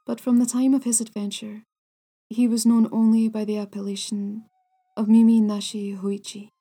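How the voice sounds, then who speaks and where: A woman narrating old ghost stories in a hushed, measured way, at times near a whisper. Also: on the high side, little pitch movement, faint music behind. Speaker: storyteller, podcast host.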